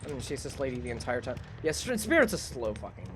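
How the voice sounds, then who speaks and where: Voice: medium pitch, big pitch swings, fast talker, heavy background noise. A streamer giving casual live gaming commentary, chatty, self-mocking and swearing freely.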